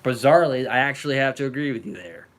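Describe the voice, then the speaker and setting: A man hosting a reaction video, delivering an angry, profane rant at a clip, sometimes shouting. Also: mid-range voice, lively intonation, fast, a little hiss or hum. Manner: furious and profane, at times shouting.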